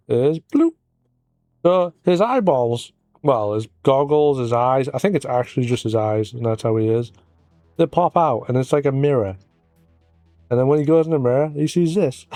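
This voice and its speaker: A man's voice: medium pitch, mellow, dry recording. A man giving casual, playful commentary on an anime episode, slipping into silly voices for the characters. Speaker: anime reviewer.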